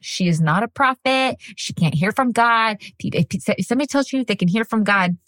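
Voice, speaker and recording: Woman, young adult, podcast co-host, lively voice, dry recording, casual swearing chat. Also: on the high side, a little fast, no echo. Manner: swears freely, animated storyteller.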